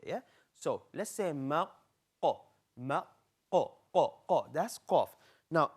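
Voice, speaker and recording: Young male kids' TV teacher: lively, coaxing, slow exaggerated drills for children. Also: a little high. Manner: lively, coaxing, speaks directly to kids. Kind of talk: live children's TV lesson.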